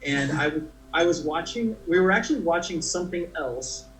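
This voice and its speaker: A man's voice: a little high, lively intonation, brisk, a bit bright. A man being interviewed, telling stories in a chatty, rambling way with many restarts. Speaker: interview guest, commercial actor. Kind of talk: casual interview storytelling. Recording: echoey room with faint music.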